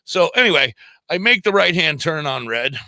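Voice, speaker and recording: A man guest on a podcast telling a story in a casual, animated way, acting out the voices of the people in it. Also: fairly high pitch, normal speed, no echo. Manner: animated storyteller who acts out quoted voices. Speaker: volunteer fire police.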